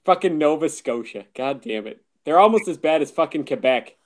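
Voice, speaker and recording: A man's voice: a little high, lively intonation, normal speed. A Canadian man chatting casually as a guest, laughing often and swearing while he teases. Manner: laughing, profane, teasing. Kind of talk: casual chat.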